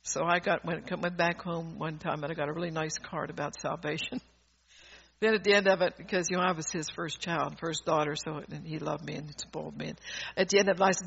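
A woman's voice: fairly low pitch, brisk, vocal fry, fairly bright tone, breathy edge. A woman preacher giving a fervent, emphatic sermon, often laughing mid-sentence and restarting her sentences. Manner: rambling with frequent restarts. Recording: dull lo-fi recording.

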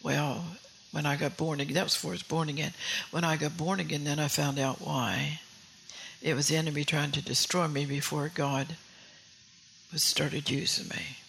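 A woman preaching a sermon with a gravelly, tense voice. She speaks earnestly, circles back over her phrases and keeps questioning her listeners. Faint room ambience hums behind her. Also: deep voice, steady tone, moderate pace, long pauses, fairly bright tone, a little hiss or hum, low-quality recording.

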